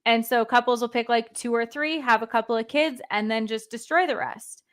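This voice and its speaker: A woman's voice: on the high side, a bit bright, clear, resonant tone. A young adult woman, a nurse guest on a podcast, talking bluntly in casual chat with lots of "like" fillers. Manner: blunt, talks fast in bursts with many "like" fillers.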